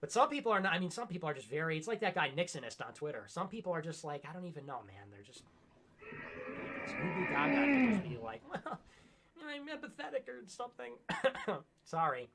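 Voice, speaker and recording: A man in his twenties co-hosting a casual late-night stream, ranting and animated, mocking people with put-on voices. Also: a little high, fairly quick, crowd noise. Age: 20s. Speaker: co-host.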